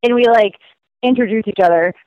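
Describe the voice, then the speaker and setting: A woman guest telling stories in a casual, lively way, full of "like" and acted quotes. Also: on the high side, brisk, dry recording, lo-fi sound. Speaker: guest describing her cross-country walk. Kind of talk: casual storytelling.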